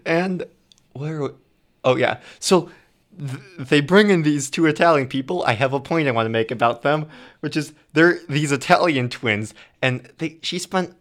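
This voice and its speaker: A man's voice: fairly high pitch, normal speed, a bit bright. Rambling man joking in casual chat. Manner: rambling, with restarts and dry jokes. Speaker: podcast co-host. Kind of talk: casual chat reviewing a reality show.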